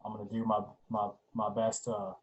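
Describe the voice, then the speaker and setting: A man playing in a tabletop role-playing game, talking through his moves deliberately. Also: lowish voice, monotone, poor audio. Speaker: player. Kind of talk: casual tabletop play.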